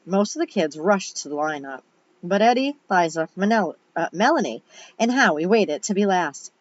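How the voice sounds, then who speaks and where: A woman's voice: on the low side, lively intonation, normal speed, lo-fi sound. A woman reading a children's chapter book aloud as a bedtime story, casual and chatty, who stumbles over words and corrects herself as she goes. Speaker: storybook reader.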